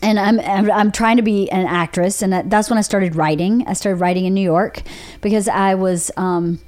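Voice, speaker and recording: A woman in her forties with a Southern accent from Georgia, hosting a podcast and telling candid stories with lively quoted voices. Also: mid-range voice, moderate pace. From Georgia, USA. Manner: candid storytelling with animated put-on quotes. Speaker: podcast host. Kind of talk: casual chat.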